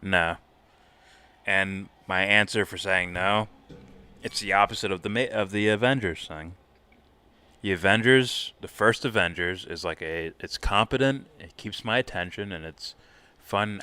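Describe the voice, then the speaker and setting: A man's voice: deep voice, measured pace, bright, forceful tone, clean tone. A man co-hosting a casual live reaction stream, rambling about films with lots of swearing and laughter. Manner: profane, rambling, laughs a lot. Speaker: co-host.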